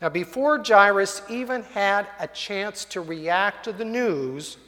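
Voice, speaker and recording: Slow, bright-voiced male preacher. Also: high voice, expressive. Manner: storytelling, vivid and dramatic. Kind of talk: sermon. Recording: long hall reverb.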